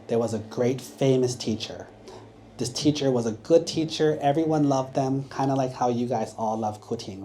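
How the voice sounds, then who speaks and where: Mellow-voiced monk telling a kids' story. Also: male voice, mid-range voice, slight background noise. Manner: gentle, checks in with the kids. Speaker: Buddhist monk. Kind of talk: children's sermon storytelling. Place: temple hall.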